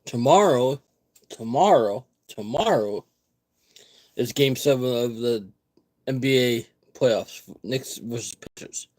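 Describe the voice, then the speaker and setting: A man's voice: mid-range voice, steady tone, measured pace, a little mellow. A man hosting his own vlog, rambling casually, repeating words and restarting his sentences. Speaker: vlogger host.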